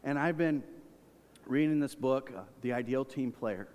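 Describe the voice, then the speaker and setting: A man preaching a sermon, swinging between loud, high emphasis and quiet, low asides. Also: normal speed, in a large hall. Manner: preaching with big swings in volume and pitch. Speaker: pastor.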